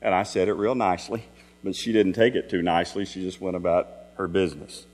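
A man's voice: sits low, flat delivery, brisk, darkish tone. A middle-aged man preaching a Sunday evening sermon in a church, telling folksy stories and asking the congregation rhetorical questions. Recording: long hall reverb with mains hum.

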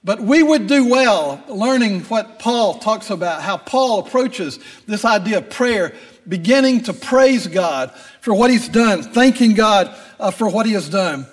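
An older male preacher giving a sermon in a folksy, easygoing way, pausing on fillers and restarting phrases. His voice sits high for a man. It rings with a long reverb, as in a church hall. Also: lively intonation.

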